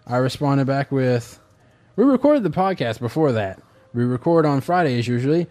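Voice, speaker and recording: Mellow-voiced man rambling through a story. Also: medium pitch, very animated, moderate pace. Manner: rambling, filler-heavy storytelling. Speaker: podcast host. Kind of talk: casual podcast chat.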